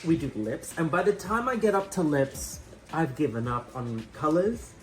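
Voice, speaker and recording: A man's voice: fairly high pitch, lively intonation, moderate pace, soft background music. A young Australian man doing a chatty drag makeup tutorial, rambling in self-mocking asides. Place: indoor room with a fan.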